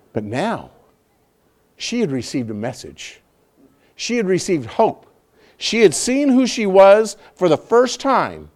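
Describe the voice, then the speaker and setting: A man preaching a sermon, telling a story with animated energy and acting out its scenes. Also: sits high.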